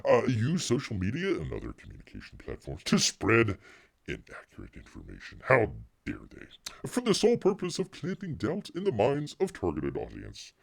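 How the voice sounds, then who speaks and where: A man's voice: mid-range voice, wildly swooping pitch, normal speed, gravelly, breathy edge. A middle-aged man hosting a casual livestream, sarcastic and rambling, full of fillers and restarts, calling himself by name in the third person. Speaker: livestream host.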